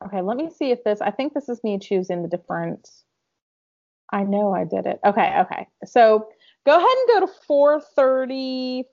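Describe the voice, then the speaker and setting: A woman's voice: fairly high pitch, very animated, moderate pace, a little mellow, lo-fi sound. A woman with a Southern American accent, co-hosting a podcast in casual chat, talking in a chatty way with lots of fillers. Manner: chatty, lots of "like" and self-talk. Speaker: podcast co-host.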